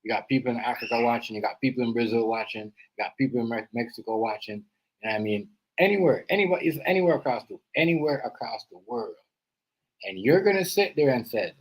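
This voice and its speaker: A man hosting a live stream, rambling through casual reaction commentary and swinging between loud outbursts and quiet asides. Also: medium pitch, animated, quick pace, poor audio. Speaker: stream host. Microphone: live stream setup.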